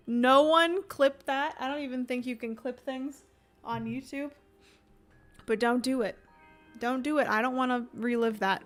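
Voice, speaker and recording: A woman's voice: on the high side, measured pace. A young woman streamer chatting casually and giggling as she rambles through a livestream.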